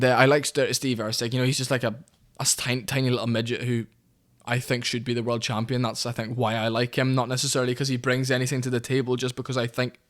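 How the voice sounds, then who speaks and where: A man hosting an MMA commentary channel, giving casual opinions in a rambling way with frequent ums and self-corrections. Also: mid-range voice.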